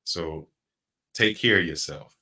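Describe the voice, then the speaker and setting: Middle-aged man, podcast host, lowish voice, bright forceful tone, reflective and earnest. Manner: reflective, earnest, slows down to stress points. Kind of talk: casual podcast chat.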